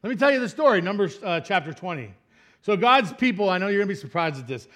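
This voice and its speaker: A man preaching in a church, with a bright, forceful voice that sits a little high for a man. He asks the congregation questions and acts out the people in the story with sudden bursts of energy, then drops to quiet, low asides. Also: animated, fast. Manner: swings from loud emphatic questions to soft low asides. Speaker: pastor. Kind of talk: sermon.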